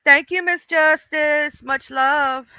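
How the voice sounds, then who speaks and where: A woman's voice: high-pitched, steady tone, takes it slowly, sharp tone, no echo. A woman hosting a casual livestream, chatting emotionally and greeting viewers in chat by name. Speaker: livestream host.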